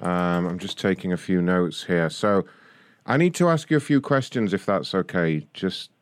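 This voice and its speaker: A man hosting a radio prank call, talking in a deadpan, mock-official way. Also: low-pitched, moderate pace, no echo.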